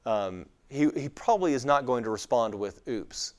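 A man's voice: mid-range voice, animated, normal speed. A man from West Texas with a light West Texas accent, giving an informal lecture on the Bible to a live audience, talking conversationally with many fillers. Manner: conversational, with frequent fillers and acted-out quoted voices. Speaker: speaker teaching on the Bible.

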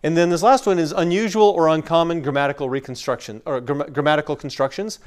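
A man's voice: a little high, steady tone, fast. A man from West Texas teaching scripture to a room of people in a conversational lecture, explaining through everyday stories. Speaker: Bible teacher. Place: room with an audience.

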